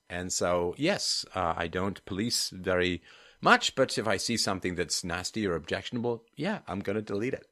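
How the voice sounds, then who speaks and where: A man's voice: low voice, expressive, moderate pace, pushed and bright, dry recording, studio quality. A man hosting a livestream, answering chat questions in a digressive, wry way with frequent laughs. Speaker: livestream host. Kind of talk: livestream chat and donation appeal.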